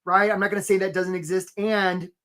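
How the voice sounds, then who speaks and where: A man's voice: sits high, flat delivery, a little fast, a bit bright. Male career coach hosting a live webinar; upbeat motivational delivery, conversational with tag questions. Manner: motivational, peppers lines with "right?".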